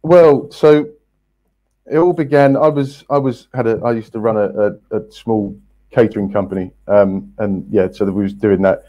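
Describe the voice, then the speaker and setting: A man, a podcast guest, telling his story in a casual, halting way with many restarts and fillers. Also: lowish voice, steady tone, mellow, dull audio. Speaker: guest, company co-founder.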